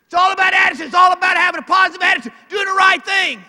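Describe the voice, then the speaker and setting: An older man from Arkansas with a Southern accent, giving a folksy, emphatic motivational speech at a banquet and calling out his key lines loudly. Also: very high-pitched, fairly even intonation, rapid-fire. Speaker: keynote speaker. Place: large banquet hall. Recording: echoey banquet hall with long reverb.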